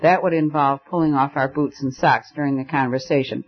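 A man reading as a playful, joking young gentleman. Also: medium pitch, steady tone, a little fast, breathy edge. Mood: jesting. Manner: playful, whimsical, bantering. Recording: dull lo-fi recording.

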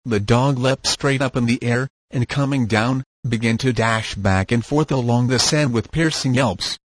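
Man, audiobook narration, husky voice, measured, dry close sound. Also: medium pitch, dry recording.

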